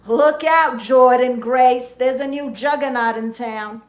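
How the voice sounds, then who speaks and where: A man's voice: very high voice, takes it slowly. A man doing a sassy Spanish-accented auntie. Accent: Spanish-accented English. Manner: brassy, teasing, dramatic, greets fans warmly. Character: sassy, flirty middle-aged Latina aunt. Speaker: livestream host. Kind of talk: in-character live-stream comedy chat.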